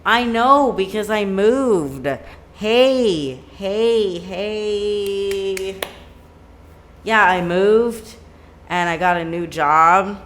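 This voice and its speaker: A musician talks through a live stream at home in an unhurried, drawn-out way, wandering from point to point and padding thoughts with "like." The voice sits at an ordinary middle pitch, with a faint hiss of room noise behind it. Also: a bit bright. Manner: rambling, leans on "like" fillers. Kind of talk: casual live-stream chat. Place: home room with a plain white backdrop.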